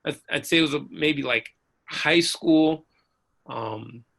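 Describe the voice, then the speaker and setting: A man's voice: fairly high pitch, takes it slowly, vocal fry. A man, a preacher and uniformed officer, telling a personal story with earnest feeling in a panel discussion. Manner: earnest, animated, acts out the voices of others.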